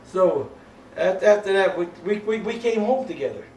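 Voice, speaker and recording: A man's voice: high-pitched, lively intonation, normal speed, darkish tone, slight background noise. A man in his eighties telling old army stories in a rambling, folksy way, often chuckling and adding "you know what I mean.". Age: 80s. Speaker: World War II veteran. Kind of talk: oral history storytelling. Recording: roomy home recording from a distance, faint ambience.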